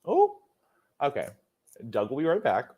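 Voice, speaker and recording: A man hosting a casual podcast chat, expressive and emphatic, often laughing. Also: fairly high pitch, unhurried, slightly rough, muffled recording. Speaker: podcast host.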